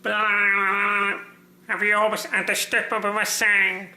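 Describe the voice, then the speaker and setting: A man voicing a childlike sock puppet that reads a picture book aloud in a slow, sing-song way. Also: high voice, completely flat delivery, pushed and bright, echoey room. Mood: playful.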